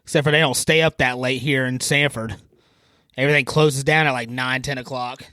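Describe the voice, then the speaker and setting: A man's voice: mid-range voice, fairly even intonation, fairly quick, pushed and bright, smooth, no room sound, clean studio sound. A man co-hosting a podcast in casual chat, joking around with crude banter. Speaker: podcast co-host.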